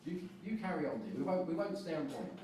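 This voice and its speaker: A comedian with a high, lively voice delivers a dry, sardonic stand-up set. He is heard from some distance in an echoey club with noise around. His tone swings freely up and down as he works the room. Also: fast. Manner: sardonic, builds to shouted rants.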